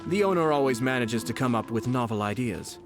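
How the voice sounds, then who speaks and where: A man voicing a poised young noble from a video game who speaks with measured, formal courtesy. His voice sits at a middle pitch. Soft game music plays behind him. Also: animated, close to an everyday voice.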